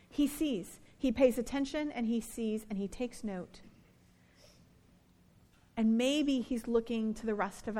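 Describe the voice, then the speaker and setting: A woman in her thirties, a pastor delivering an earnest sermon and slowing down to stress key words. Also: on the high side, fairly bright tone.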